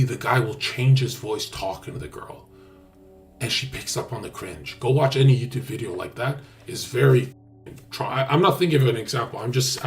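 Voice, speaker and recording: A brash man holding forth on his livestream, boastful and quick to swear. His voice sits in a plain middle register, and soft music plays quietly in the background. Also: mid-range voice. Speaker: streamer. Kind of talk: casual livestream talk.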